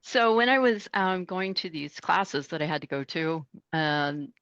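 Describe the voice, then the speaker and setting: A woman's voice: lowish voice, expressive, measured pace, fairly bright tone, clear, resonant tone, no echo, highs cut off. A middle-aged woman, a truck driver, telling stories in a casual interview and animatedly acting out the voices she quotes.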